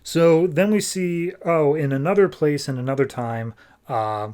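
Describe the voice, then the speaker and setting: A man's voice: fairly high pitch, a little slow, a little mellow. A man hosting a podcast, recapping and reviewing comics in a casual, wry way with frequent restarts.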